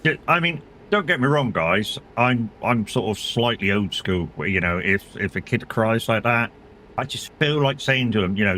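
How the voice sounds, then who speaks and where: A middle-aged man streams a driving game, rambling casually, swearing and laughing often. His lowish voice is pushed and bright, with lively intonation and a moderate pace, over slight background noise.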